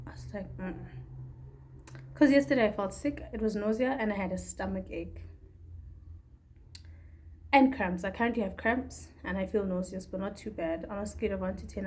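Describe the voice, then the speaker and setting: A woman's voice: mid-range voice, a little mellow. Young woman, rambling, confiding, faint background noise. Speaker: vlogger. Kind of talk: personal video diary.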